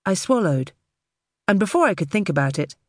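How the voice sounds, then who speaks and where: A woman narrating an audiobook in the first person with expressive storytelling. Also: mid-range voice, brisk, no room sound, clean studio sound.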